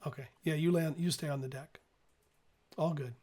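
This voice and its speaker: A man narrating as game master, describing scenes in a loose, halting way with restarts. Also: on the high side, steady tone, a little mellow.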